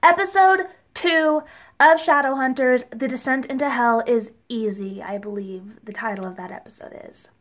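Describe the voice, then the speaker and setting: A woman's voice: high-pitched, moderate pace, slight background noise. A young woman in a casual review vlog, chatty and leaning heavily on the word "really". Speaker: TV review vlogger.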